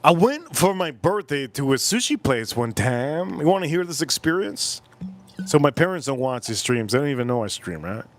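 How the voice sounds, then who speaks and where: With big pitch swings at a normal speed, a forty-something livestream host tells a casual, rambling story, going over the same points again and breaking into loud high-pitched impressions.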